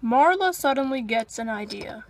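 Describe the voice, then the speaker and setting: A young woman narrating a toy role-play video in a mock-documentary deadpan. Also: a little high, moderate pace.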